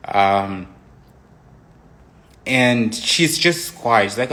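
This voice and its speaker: Young man, casual storytelling, rambling restarts, frequent asides, medium pitch. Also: unhurried, fairly bright tone. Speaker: boyfriend telling his side of a relationship story.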